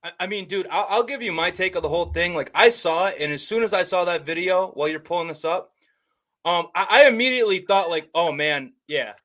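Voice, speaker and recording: High-pitched man in a heated rant. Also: fast talker, fairly bright tone. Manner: heated, profane, indignant rant. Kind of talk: casual podcast chat.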